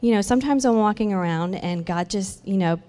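A woman sharing a personal faith testimony in an animated storytelling way, acting out the conversations she describes. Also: mid-range voice, brisk. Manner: animated storytelling that acts out dialogue, with laughs. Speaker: church speaker sharing a testimony. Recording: long hall reverb.

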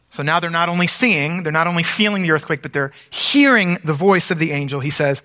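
Bright-voiced pastor preaching in a reverberant hall. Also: male voice, a little high, a little fast. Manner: conversational, lively scripture reading with asides. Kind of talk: sermon.

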